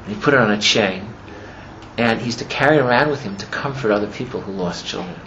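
A man teaching a class as he retells a story, rambling and filling his talk with "you know", and growing animated as the story builds. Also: lowish voice, fast talker. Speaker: religious teacher. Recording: muffled with steady background noise.

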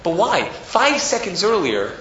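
A young man tells a story at a Torah talk in a bright, forceful voice, bursting into shrill shouts when he acts out his family. He sounds far from the mic in a very echoey room, with the sound dull and lo-fi. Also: a little slow, a little hiss or hum. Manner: animated storyteller, acts out family members in loud high voices. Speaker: Torah speaker.

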